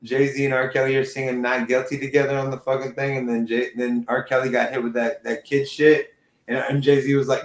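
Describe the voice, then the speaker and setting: A man's voice: medium pitch, little pitch movement, fairly quick, reverberant. A man from Texas in his thirties, rambling and swearing through a casual chat as a podcast host. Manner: rambling, profane, repeats himself.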